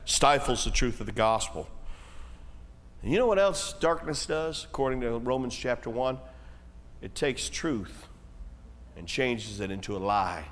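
A man preaching a sermon in a folksy, conversational way, swelling to emphatic peaks and then dropping low and slow, in a church hall. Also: expressive, a bit bright. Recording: long reverb of a church hall.

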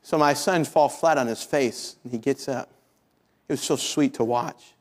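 A man's voice: medium pitch, moderate pace. A middle-aged man preaching a sermon, appealing directly to the congregation with rising intensity. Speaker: pastor.

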